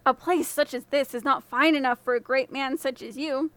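A woman's voice: high voice, fairly even intonation, moderate pace, clean tone, no echo, natural voice. A woman voicing a humble, exasperated old father in a storybook reading. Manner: exasperated, resigned.

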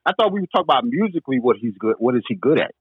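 Male co-host, rapid and profane, dull dry sound. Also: medium pitch, sing-song, breathy edge, no room sound. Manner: blunt, profane, quick to interrupt. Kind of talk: casual chat.

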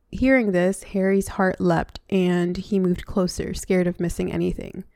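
A woman's voice: lowish voice, little pitch movement, measured pace, gravelly, darkish tone, no echo, clean studio sound. A woman reading a novel aloud, breaking off now and then for chatty comments. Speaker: reader.

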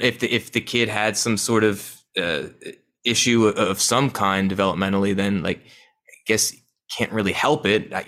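A man co-hosting a casual podcast, talking in a measured, thoughtful way. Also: on the low side, a bit bright. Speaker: podcast co-host. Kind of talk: casual chat.

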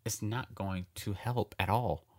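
A man's voice: lowish voice, fairly even intonation, measured pace, a little mellow. A man giving casual reaction commentary to a movie, talking back to the screen, laughing often and swearing.

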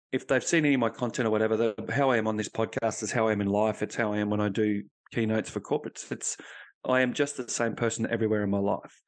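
A man, a coach, talking casually and bluntly in a podcast interview, swearing freely as he tells stories. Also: lowish voice. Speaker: high performance coach.

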